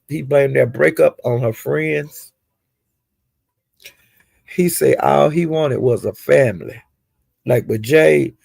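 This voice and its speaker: In a dry recording, a man with a gravelly, mid-range voice gives a casual, rambling recap of livestream gossip. He retells events animatedly and keeps wandering into asides.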